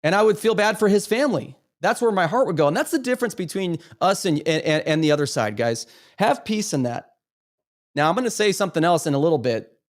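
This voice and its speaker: A man's voice: high voice, big pitch swings, fairly quick. Emphatic man hosting a livestream. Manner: emphatic, stammering repetitions. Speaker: livestream host. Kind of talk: impassioned live commentary.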